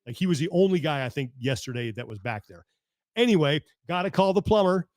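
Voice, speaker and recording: A man hosting a podcast over a video call, telling a story in an animated, exasperated way that keeps breaking off and restarting. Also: fairly high pitch, a little fast, no echo. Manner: animated, exasperated rambling with self-interruptions. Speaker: podcast host. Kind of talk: casual storytelling chat.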